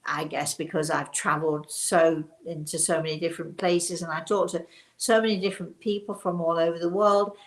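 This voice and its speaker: An older English woman with a softened accent from the English Midlands, telling a story from her own life. Her voice sits a little low for a woman. She talks in a chatty, rambling way, full of fillers and restarts. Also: steady tone, a little fast. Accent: softened English, not strongly local. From Leicester, England. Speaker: spiritual medium host. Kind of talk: casual storytelling.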